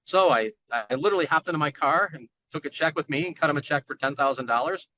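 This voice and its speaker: A man's voice: fairly high pitch, fast, sharp tone, dull audio. A man telling a long personal story as a guest in casual talk, acting out the people he quotes in a raised voice. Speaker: guest, general contractor.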